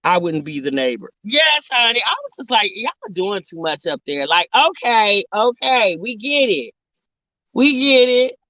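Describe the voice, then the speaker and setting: A woman vlogger telling a story to her viewers in a sassy, drawling, animated way, calling them honey and girl. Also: mid-range voice, measured pace, no room sound, highs cut off. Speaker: vlog host.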